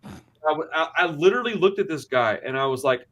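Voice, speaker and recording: A podcast co-host tells a story in casual, profane chat, animatedly acting out the dialogue. His voice is a little high and he talks fast.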